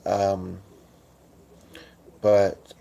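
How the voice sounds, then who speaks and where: A man hosting a casual livestream from his couch, talking in a groggy morning voice with many halting fillers and restarts. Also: sits low, completely flat delivery, gravelly, mellow, a little hiss or hum. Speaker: livestream host. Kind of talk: casual rambling livestream chat. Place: at home on a couch.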